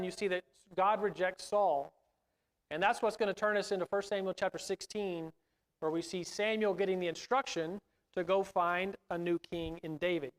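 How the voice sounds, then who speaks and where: A man's voice: high-pitched, a bit bright, long reverb tail, poor audio. A man teaching a church Bible class, conversational with self-deprecating asides.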